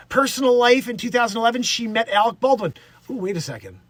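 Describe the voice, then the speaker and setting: A man's voice: very high voice, lively intonation, a little fast, a bit bright, dry recording. A man hosting a comedic news show, reading stories and riffing in a rambling, self-interrupting, mocking way.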